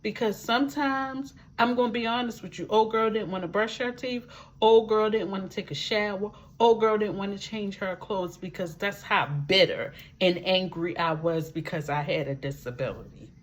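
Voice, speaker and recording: At a normal speed and in a mid-range voice, a woman gives her viewers a personal testimonial to camera. She is a vlogger sharing life with a disability from her wheelchair, talking with emphasis, repeating words for effect, and slipping in folksy asides.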